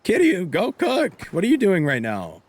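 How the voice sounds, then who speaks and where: A man's voice: sits high, moderate pace. A man streaming a game live, joking and commenting casually. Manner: joking, laughing, animated.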